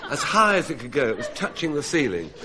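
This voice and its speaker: A man's voice: a little high, big pitch swings, fast talker, background noise. A man on a comedy panel show, telling a self-mocking comic story to a studio audience. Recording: 1970s radio broadcast with audience laughter. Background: studio audience laughing.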